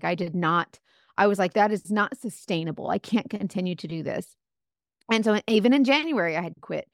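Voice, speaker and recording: A woman's voice: mid-range voice, no room sound, clean studio sound. Earnest young woman telling her story. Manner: earnest, animated storytelling with many fillers and restarts. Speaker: guest, top makeup seller. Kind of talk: podcast interview, personal story.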